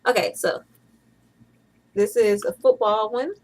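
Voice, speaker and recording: A woman's voice: mid-range voice, steady tone, slow, rough recording. A woman in her thirties from Atlanta, chatting casually and playfully in a home video blog. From Atlanta, USA. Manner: chatty and playful, with bursts of laughter. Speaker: vlogger. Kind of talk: casual vlog chat.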